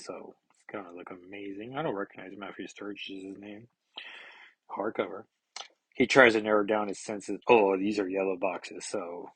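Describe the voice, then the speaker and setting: A man's voice: fairly low pitch, breathy edge, dry recording, rough recording. A man reviewing a comic book in a casual, rambling way, reading panels aloud with chatty asides.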